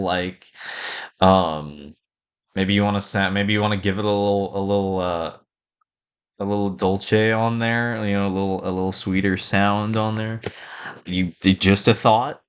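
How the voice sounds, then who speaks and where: Young adult man, low smooth voice, rambling music-feedback talk full of fillers and sung examples. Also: a bit bright. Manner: halting, full of fillers, sings phrases to show them. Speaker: band director reacting to a performance.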